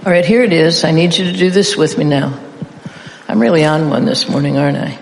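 A middle-aged preacher with a fairly high, creaky voice speaks briskly as he playfully runs his audience through call-and-response repetitions. The recording comes from an echoey hall, with faint ambience and slight background noise.

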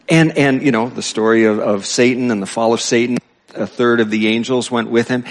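A man's voice: mid-range voice, steady tone, a little fast. A male pastor preaching a sermon in a loose, conversational way, with many fillers and restarts, recorded in a church hall with long reverb.

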